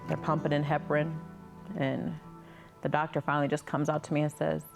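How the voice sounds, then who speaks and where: A mother telling a personal story in a halting way, restarting often. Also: sits low, completely flat delivery, vocal fry, music in the background.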